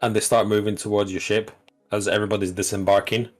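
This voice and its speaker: A man narrating as game master, relaxed and describing scenes with frequent restarts. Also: lowish voice, fast talker, faint music behind.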